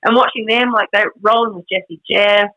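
Woman guest, bright tense tone, rambling animated storyteller. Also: medium pitch, a little fast, lo-fi sound. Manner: animated storytelling, heavy use of "like", frequent laughs. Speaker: guest, jiu-jitsu black belt and camp organiser. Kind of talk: casual podcast chat.

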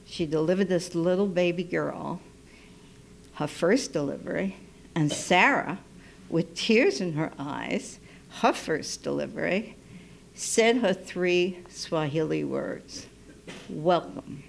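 Slow-spoken woman telling a personal story. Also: fairly low pitch, lively intonation, vocal fry. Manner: unhurried, intimate, drops to soft near-whispers when quoting. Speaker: storyteller, midwife. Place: radio station studio. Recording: live radio broadcast, faint noise.

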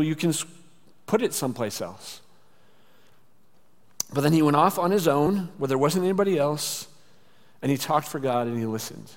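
A male pastor delivers a conversational sermon in a reverberant church hall, now and then acting out little exchanges as asides. His voice is a little high and slightly mellow.

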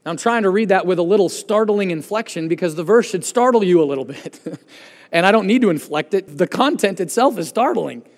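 A man preaching with a high, bright voice that swings from loud bursts to hushed, fading endings. His sermon rings with long reverb through a church hall. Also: animated, fairly quick. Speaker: pastor. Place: church sanctuary.

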